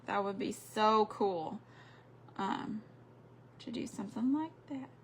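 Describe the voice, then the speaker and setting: Slow gravelly grandma crafter. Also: female voice, medium pitch, slight background noise. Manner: chatty, counts beads under her breath. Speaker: craft livestream host. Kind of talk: casual chat while crafting.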